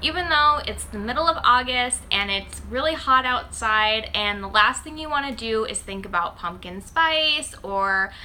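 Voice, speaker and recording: Very bright-voiced woman with a slight lisp. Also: on the high side, lively intonation, moderate pace, hardly any pauses, slight background noise. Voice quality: slight lisp from dental aligners. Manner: chatty and upbeat, with frequent "um". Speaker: host and founder of a blogger network. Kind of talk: casual livestream talk to followers. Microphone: phone.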